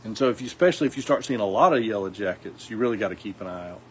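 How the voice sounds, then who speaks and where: Outdoors, a South Alabama vlogger with a Southern accent talks casually to the camera in a folksy, rambling way, full of fillers and restarts. His voice is lowish, expressive and very fast, and the rough recording has a little hiss or hum.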